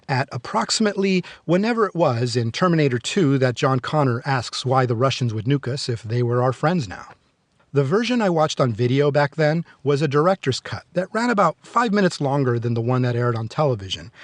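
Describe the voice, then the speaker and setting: A man's voice: mid-range voice, big pitch swings, a little fast, dry recording. Sardonic man in his forties reviewing films. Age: 40s. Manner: sardonic, darkly joking. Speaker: podcast host. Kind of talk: film review podcast narration.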